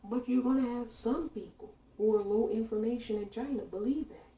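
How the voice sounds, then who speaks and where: A woman's voice: on the high side, fairly quick, warm tone, far from the mic, lo-fi sound. A woman delivering a blunt, profane political rant, speaking straight to her listeners with indignation. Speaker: political commentator. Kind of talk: ranting monologue. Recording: echoey room, voice off-mic.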